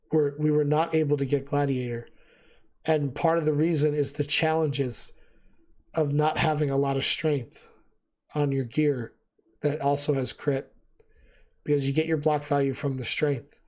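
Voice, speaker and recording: A man talks through his game setup in an easy, unscripted way, pausing on fillers as he works things out. His voice sits a little high and is worn, as he is losing it. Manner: relaxed, thinking aloud with fillers. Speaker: gaming video host. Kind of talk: casual gameplay gear explanation.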